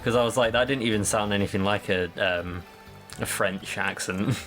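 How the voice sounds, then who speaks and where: A man's voice: on the low side, normal speed, fairly bright tone, faint music behind. A man with a Manchester accent co-commenting on a game, making joking asides and giggling. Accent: Mancunian. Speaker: let's play co-host. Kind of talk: casual gameplay chat.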